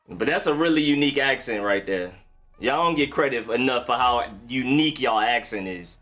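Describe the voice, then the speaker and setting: A young man hosts a football live stream in an easygoing, slang-filled way, calling out viewers as he talks. His voice sits at a middling pitch. Faint music plays behind him. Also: brisk, a bit bright. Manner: loose, slangy, chatty, greets viewers. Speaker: sports live stream host. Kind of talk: casual live-stream talk.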